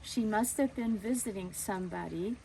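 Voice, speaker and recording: Gentle woman telling a childhood story. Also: mid-range voice, normal speed, gravelly, a little hiss or hum, poor audio. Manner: gentle, conversational, with fillers and restarts.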